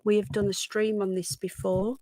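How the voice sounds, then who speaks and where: A woman from Birmingham with a slight Yorkshire twang, hosting a casual livestream and greeting viewers warmly as darling and hon. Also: medium pitch, level tone, moderate pace, dry recording, studio quality. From Sutton Coldfield, Birmingham, England. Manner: chatty, calls viewers darling and hon, frequent restarts. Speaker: livestream host. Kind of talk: casual live-stream chat reading out comments. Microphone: desk microphone with gain turned up.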